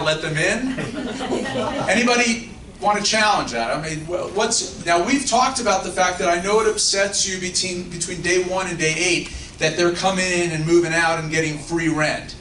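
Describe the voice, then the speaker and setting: Brief: male speaker, joking with a room of listeners, higher voice, heard from a distance with background noise. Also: pushed and bright, echoey room. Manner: joking, self-deprecating, chatty with the audience. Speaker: legal counsel speaking at a luncheon. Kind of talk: live talk with audience questions. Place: luncheon function room.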